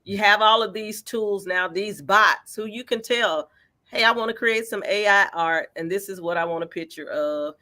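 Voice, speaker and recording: A woman, a featured artist, answering interview questions in a lively, encouraging way with everyday examples. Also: medium pitch, normal speed.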